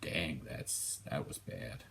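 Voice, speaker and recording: A man's voice: takes it slowly, fairly bright tone, a little hiss or hum. A man with a Danish accent giving a rambling, casual film review, often restarting his sentences and swearing offhandedly. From Denmark.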